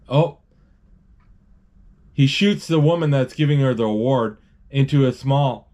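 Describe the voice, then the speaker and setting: Narrating a cartoon as it plays, this movie describer wanders through his commentary, restarting words and voicing the characters' lines aloud. His mid-range voice has a dark tone and a measured pace with long pauses, heard through a muffled recording.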